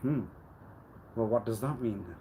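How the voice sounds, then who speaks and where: A man's voice: moderate pace, slight background noise. Rambling, cryptic man on a live stream. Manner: rambling and cryptic, swinging between low mutters and loud bursts.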